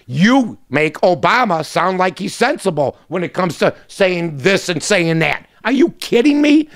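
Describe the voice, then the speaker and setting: A man's voice: fairly high pitch, a bit bright. A middle-aged man hosting a short commentary segment, blunt and combative, ending his points with a pushy "okay?". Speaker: sports radio host. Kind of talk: opinionated commentary monologue.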